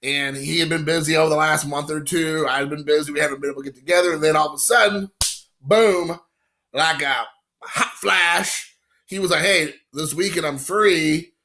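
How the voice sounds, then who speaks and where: A man hosting his own card-collecting vlog, telling a rambling, excited story full of quoted asides. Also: a little high, moderate pace. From Indiana, USA. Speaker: card-collecting channel host. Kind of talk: casual vlog chat.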